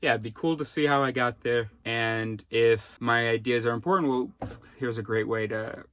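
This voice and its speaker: A man's voice: medium pitch, fairly even intonation, normal speed, fairly bright tone, clear, resonant tone. A man thinking aloud in a rambling personal vlog, often restarting his sentences and wandering into asides. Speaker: vlogger.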